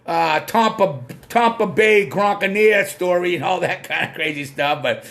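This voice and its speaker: Man, Boston accent, very high voice, live-stream host, casual rambling chat, blunt, swearing. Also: unhurried, fairly bright tone. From Massachusetts. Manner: rambling, blunt, swears, greets viewers by name.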